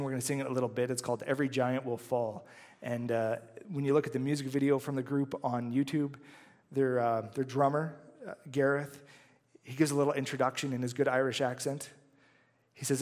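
Man, mid-pitch pastor, earnest conversational sermon delivery, long hall reverb. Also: a little mellow. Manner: earnest, conversational preaching with frequent "right?" asides.

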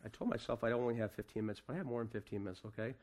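A man preaching a sermon to his congregation, asking them questions and swinging between quiet, casual asides and raised proclamation. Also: lowish voice, steady tone, rapid-fire. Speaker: pastor.

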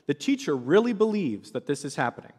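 A man delivers a sermon in a fairly high voice that swoops up and down as he tells the story. He acts out the people he describes, switching into their voices. His words ring with the long reverb of a big hall. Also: fairly quick, husky. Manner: animated storytelling, acting out quoted voices. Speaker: preacher.

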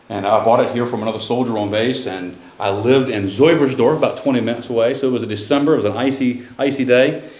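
A man's voice: mid-range voice, fairly quick, darkish tone, reverberant. A middle-aged man, a pastor preaching a sermon and telling a personal story in a loose, conversational way with restarts. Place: church sanctuary.

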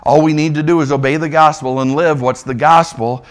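A man preaching with a fairly high voice. He is emphatic, often repeating a word for stress. When he gives God's words, his voice rises and grows louder. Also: fairly even intonation, fairly quick, hardly any pauses. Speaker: pastor. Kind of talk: sermon.

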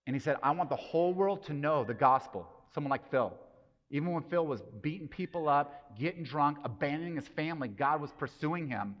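A man's voice: fairly high pitch, expressive, fairly quick. A man preaching a sermon in a casual, conversational way, asking the congregation rhetorical questions. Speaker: pastor. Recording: dull sound with long hall reverb.

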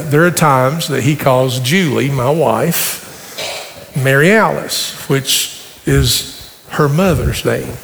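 A man's voice: fairly high pitch, vocal fry. A man in his sixties, a pastor preaching a conversational sermon with folksy storytelling that builds in emphasis. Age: 60s. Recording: long hall reverb, faint background noise.

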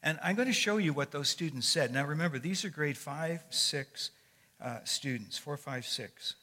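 A man's voice: on the high side, normal speed, bright, forceful tone. An older man giving a sermon as a guest speaker. He tells stories in a conversational way with frequent fillers and restarts. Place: church sanctuary. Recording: long echo of a large hall.

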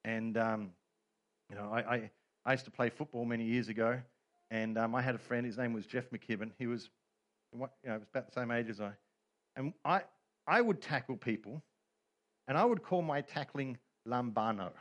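Man, pastor, sermon, animated storytelling, humorous asides, middle-aged. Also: mid-range voice, moderate pace.

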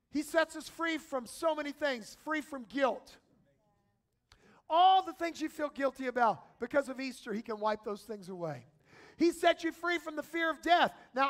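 A man preaching a sermon as pastor, moving from quiet, slow passages to shouted calls to the congregation. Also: very high-pitched.

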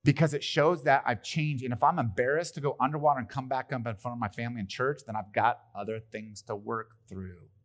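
A male pastor preaching a sermon in a church, talking in a lively, conversational way with playful asides. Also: mid-range voice, brisk, few pauses. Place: church hall.

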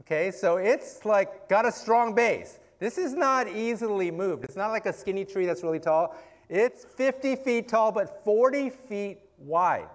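A man's voice: high voice, expressive, measured pace. A man preaching in a casual, conversational Bible-teaching style, often checking in with "okay" and "right?" and asking rhetorical questions.

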